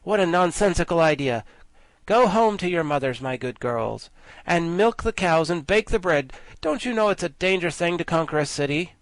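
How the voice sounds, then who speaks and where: A man reading an audiobook, voicing a fussy, condescending gatekeeper in a raised, lively voice. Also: a little high, moderate pace, no echo, voice pushed up, low-quality recording. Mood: indignant. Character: pompous fussy man guarding city gates.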